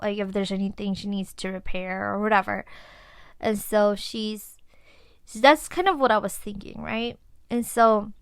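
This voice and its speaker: A woman's voice: mid-range voice, clear, resonant tone, no echo. A young adult woman hosting a podcast, telling a personal story in a casual way and acting out what people said. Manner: animated retelling, acting out her own quotes. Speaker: podcast host.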